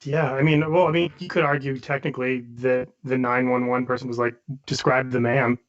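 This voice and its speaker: A man co-hosting a casual podcast, giving his opinions in a halting way with frequent restarts. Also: mid-range voice, level tone, lo-fi sound. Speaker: podcast co-host.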